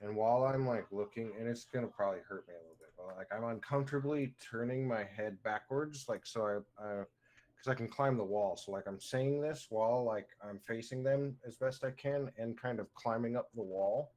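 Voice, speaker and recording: A man's voice: mid-range voice, normal speed, darkish tone. A man playing a tabletop game, explaining his moves in a casual, rambling way. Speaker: player.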